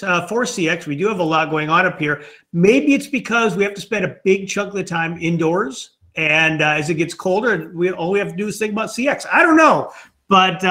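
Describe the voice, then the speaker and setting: A man's voice: sits high, pushed and bright. A man from Minnesota answering interview questions in a thoughtful, rambling way. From Minnesota, USA. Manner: thoughtful, rambling, musing aloud. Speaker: guest, customer experience author.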